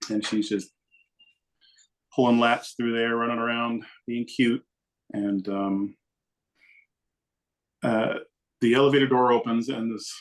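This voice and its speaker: A middle-aged man, a podcast guest, casually telling a rambling, self-deprecating story. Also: lowish voice. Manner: rambling, self-deprecating, animated when quoting.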